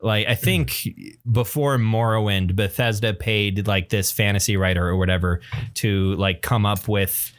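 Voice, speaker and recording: A man's voice: on the low side, steady tone, measured pace. A man hosting a podcast in casual chat, rambling and cursing freely. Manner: rambling and profane, full of fillers. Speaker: podcast host.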